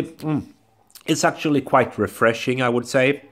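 A Swedish man hosts a casual beer review vlog on his channel, speaking in a mid-range voice at a slightly slow pace. He's chatty, addresses viewers as guys, and often says "I would say."

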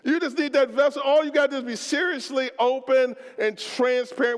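A pastor with a high-pitched voice preaches passionately to his congregation, climbing to near-shouts and dropping to low, slow asides. He talks plainly and colloquially, acting out prayers as if speaking to God. His voice rings with the long reverb of a church hall. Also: steady tone. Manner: colloquial, acts out prayers in first person. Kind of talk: sermon. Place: church sanctuary.

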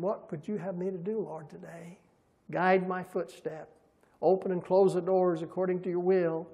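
A man preaching a folksy sermon, swelling loud and slow on scripture and dropping soft for homey asides, and leading the congregation in repeating lines. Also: high voice. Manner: folksy, chuckles at his own stories; leads the congregation in call-and-response. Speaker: pastor.

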